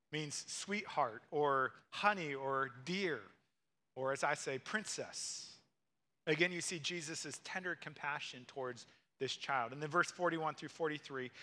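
Bright, high-voiced man preaching. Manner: conversational preaching with acted-out quotes. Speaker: pastor. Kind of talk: sermon.

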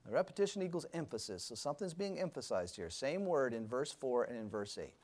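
A man's voice: medium pitch, big pitch swings, fairly quick, a little mellow. A man teaching an adult Sunday school class in a conversational way, asking the group questions and correcting himself as he goes.

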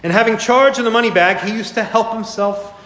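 A man's voice: high-pitched, brisk, fairly bright tone. A male pastor giving a sermon, telling the scene vividly and acting parts of it out, in a church. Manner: vivid storytelling, acts out scenes. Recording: echoey hall.

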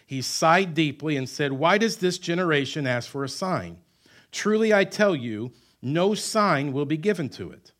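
A man preaching a sermon, who mixes humorous asides with emphatic lines and drops to quiet, stretched-out words. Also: on the high side, animated. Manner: wide swings between loud emphatic lines and quiet, drawn-out words; conversational asides and self-deprecating humor. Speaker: pastor.

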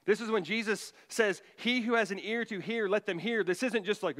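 A middle-aged man preaching a sermon as pastor, emphatic, his voice rising loud for quoted commands. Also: high-pitched, normal speed, hardly any pauses, in a large hall.

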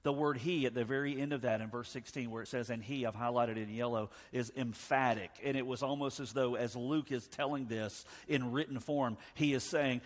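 Male pastor, sermon, emphatic, loud then hushed, mid-pitched voice, long hall reverb. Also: a little fast. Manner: emphatic, swings from loud to hushed, acts out scripture dialogue.

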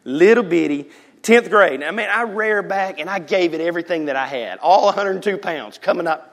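A pastor in his forties preaches with a somewhat raised pitch, switching between teaching and lively storytelling. He acts out the voices in his stories and laughs along the way. His voice rings out with a long reverb in a church hall. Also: moderate pace. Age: 40s. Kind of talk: sermon. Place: church sanctuary.

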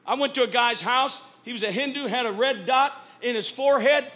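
A middle-aged man preaching from a church pulpit, his voice pitched high and ringing bright. He swings from quiet storytelling to loud, shouted peaks. The sound is that of a pastor carrying a sanctuary. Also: fairly quick. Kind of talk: sermon.

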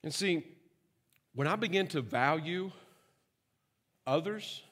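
A man's voice: on the high side, expressive, takes it slowly, a bit bright, in a large hall. A middle-aged man preaching a sermon, telling funny stories and checking in with the congregation. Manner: humorous storytelling with asides to the congregation. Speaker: pastor.

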